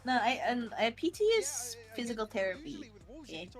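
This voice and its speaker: A woman's voice: on the high side, big pitch swings, normal speed, breathy edge, faint music behind. A woman watching an esports match with a friend, with frequent nervous exclamations and a lot of laughter. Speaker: co-streamer. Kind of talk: casual esports co-watching chat.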